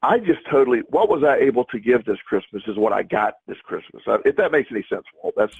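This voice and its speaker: A man's voice: mid-range voice, expressive, quick pace, creaky, breathy edge, dry recording. A middle-aged man co-hosting a podcast in casual chat, rambling with many restarts and repeated words, heard over a tinny phone-like line. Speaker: podcast co-host.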